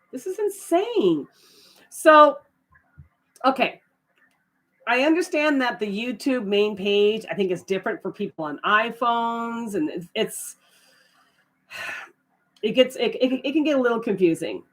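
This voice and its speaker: A middle-aged woman hosting a casual live stream, chatting with viewers, often breaking into excited, surprised exclamations between trailing fillers. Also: fairly high pitch, slow pace, long pauses.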